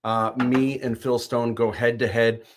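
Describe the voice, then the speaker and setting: A man hosting a livestream, chatting casually and animatedly, telling stories and acting out quick bits. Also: medium pitch, background noise. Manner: animated storyteller, acts out little voices. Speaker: livestream host. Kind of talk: casual chat.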